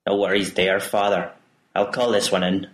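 A man voicing a calm, gentle police officer who talks in an easy, businesslike way. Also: low voice, moderate pace, echoey room, close to an everyday voice.

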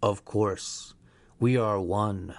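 A man voicing a cold, buzzing parasitic voice inside someone's head, with a gravelly, dry sound. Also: on the low side, steady tone, very slow, no room sound.

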